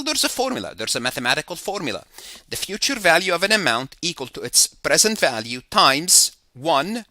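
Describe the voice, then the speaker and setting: Accounting lecturer, male, bright and sharp tone, dry close-miked sound, patient step-by-step explainer. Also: mid-range voice, no room sound. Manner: explains step by step with worked examples, repeats phrases. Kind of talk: recorded lecture.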